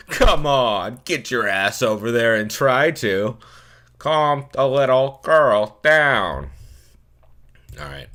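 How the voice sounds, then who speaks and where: A man's voice: mid-range voice, pushed and bright. A young man hosting a let's play, reading a text game aloud and joking with lots of swearing. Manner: profane, joking, riffing.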